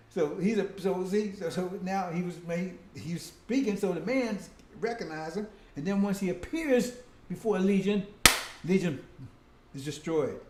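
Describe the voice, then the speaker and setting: A man preaching a rambling, repetitive sermon who keeps checking with his listeners. His voice sits high for a man, but the tone is mellow and dark. The sound is roomy, with echo. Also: measured pace. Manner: repetitive, keeps asking "see?" and "right?"; addresses "brothers and sisters".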